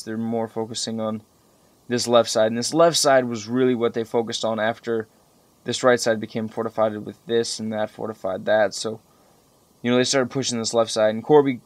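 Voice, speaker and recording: A young man giving casual, profanity-laden commentary over strategy game footage, rambling and getting animated when he recalls frustrating moments. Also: mid-range voice, no room sound. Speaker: gameplay commentator.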